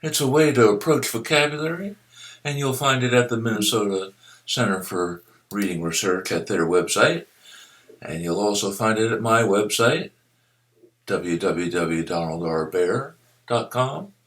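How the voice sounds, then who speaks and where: An older man explaining a vocabulary activity to students and teachers in a slow, deliberate teaching manner, spelling out letters as he goes. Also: fairly low pitch, fairly bright tone. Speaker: literacy educator. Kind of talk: instructional video narration.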